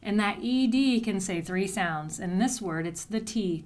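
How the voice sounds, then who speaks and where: A woman's voice: mid-range voice, normal speed, hardly any pauses, a little mellow. A woman teacher giving a recorded writing lesson to young students, patiently explaining step by step and sounding out letters. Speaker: elementary school teacher.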